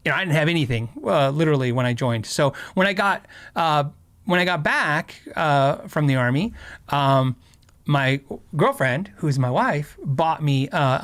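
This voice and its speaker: A man's voice: mid-range voice, a bit bright, dry recording. A middle-aged man from Arizona hosting a casual livestream chat, telling stories with lots of fillers and restarts. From Arizona, USA. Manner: rambling, storytelling, frequent fillers and restarts, laughs often. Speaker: host.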